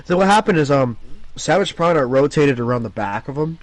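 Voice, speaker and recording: Excitable man telling a game story. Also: on the high side, a little fast. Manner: animated, chuckling, repeats and restarts mid-sentence. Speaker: channel host. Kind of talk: casual storytelling about a video game match.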